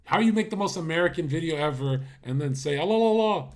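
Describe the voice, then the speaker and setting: A man's voice: fairly high pitch, expressive, fast, noisy background. Blunt, profane male streamer ranting. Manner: talks to chat, frequent rhetorical questions. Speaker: live streamer. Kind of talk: casual live-stream commentary.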